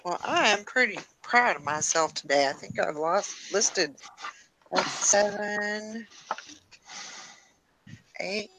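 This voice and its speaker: A woman's voice: medium pitch, slow pace, long pauses, noisy background. A woman vlogger in casual chat to camera at home, folksy and talkative. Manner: chatty, folksy, talks to her dogs.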